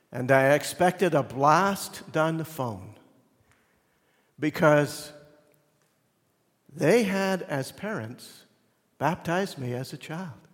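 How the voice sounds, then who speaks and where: A man preaching a sermon as pastor, moving between loud emphatic lines and hushed, almost whispered ones. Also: mid-range voice, takes it slowly, long pauses. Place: church sanctuary. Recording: long reverb of a church hall.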